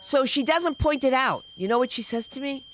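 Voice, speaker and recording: A middle-aged woman doing stand-up at an open mic, telling loud, animated stories with sudden shouts. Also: sits high, fairly quick, slight background noise, low-quality recording. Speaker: stand-up comic. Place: comedy club stage.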